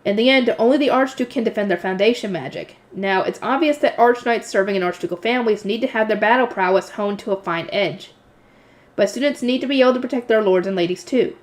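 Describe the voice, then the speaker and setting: A woman reading aloud as a loud, passionate male combat professor, lecturing forcefully with occasional stumbles. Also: mid-range voice, fast, lightly acted. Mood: passionate lecture.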